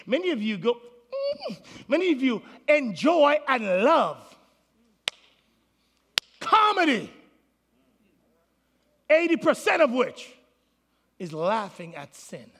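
A man preaching a sermon to his congregation, animated, calling out to the people in the room. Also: very high voice, takes it slowly, pauses often, slightly rough. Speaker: pastor. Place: large auditorium with congregation. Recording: long hall reverb.

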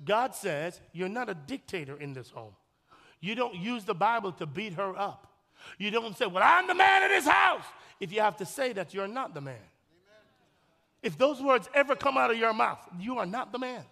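A male pastor with a strikingly high, gravelly voice delivers a sermon with forceful, bright energy. He talks straight to the congregation, hammering his points through repetition and folksy humor. His voice rings out with a long reverb, as in a large church sanctuary. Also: animated, moderate pace. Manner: emphatic, repeats phrases, addresses the congregation directly.

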